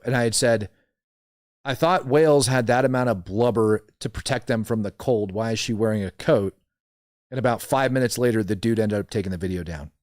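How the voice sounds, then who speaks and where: A man's voice: mid-range voice, no room sound, clean studio sound. A man hosting a livestream, giving sarcastic, mocking political commentary while reacting to clips. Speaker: livestream host.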